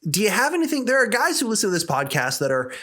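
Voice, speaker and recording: A man's voice: sits high, huge pitch swings, fast talker, bright, forceful tone. A man hosting a podcast, asking long, rambling questions with many restarts and affirming his guest. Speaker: podcast host. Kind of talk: casual podcast interview. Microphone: studio mic.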